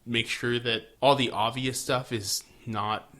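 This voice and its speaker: Male podcast co-host, bright and punchy tone, loose and profane while recapping. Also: medium pitch, steady tone, unhurried. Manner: laid-back, swears, acts out characters' lines. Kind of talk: casual recap chat.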